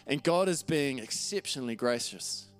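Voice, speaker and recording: A man's voice: medium pitch, expressive, normal speed, clean tone, faint music behind. A man preaching a sermon in an earnest, conversational way, reading scripture aloud and often restarting his phrases. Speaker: pastor.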